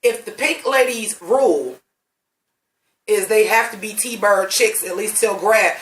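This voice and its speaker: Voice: mid-range voice, a little slow, fairly bright tone. A blunt, profane movie reviewer in their late thirties, talking in a rambling, emphatic, casual way. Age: late 30s. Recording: roomy sound from a distant mic.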